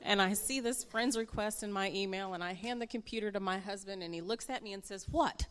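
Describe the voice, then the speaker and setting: A woman's voice: mid-range voice, a little fast, a bit bright, smooth. A woman in her thirties sharing a personal story in church, candid and emotional. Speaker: guest speaker. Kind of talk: personal testimony.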